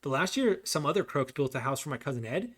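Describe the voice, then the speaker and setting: A worried woman from a game , read aloud by a man. She complains briskly in a fairly high voice. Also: sing-song, fairly bright tone, husky, exaggerated voice. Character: fretful adult woman, worried about her parents.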